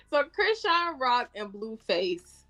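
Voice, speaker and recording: A woman's voice: a little high, very animated, moderate pace, fairly bright tone. A woman co-hosting a casual podcast, blunt and profane, often laughing. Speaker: podcast co-host. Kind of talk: casual chat.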